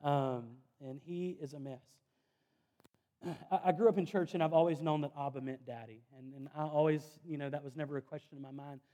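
Mellow-voiced pastor preaching. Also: male voice, on the high side, steady tone, brisk. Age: 30s. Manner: earnest conversational preaching with self-deprecating asides. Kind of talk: sermon.

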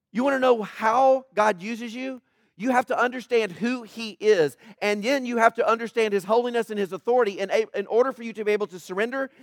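Emphatic high-voiced male preacher. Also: no room sound, studio quality. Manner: emphatic, swinging between loud and hushed. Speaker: pastor. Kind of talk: sermon.

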